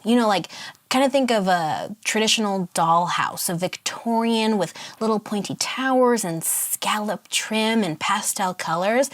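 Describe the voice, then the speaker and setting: A woman chatting casually about a sketch, playful and excitable, with quick asides. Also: medium pitch. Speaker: art vlogger. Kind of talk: casual chat while sketching.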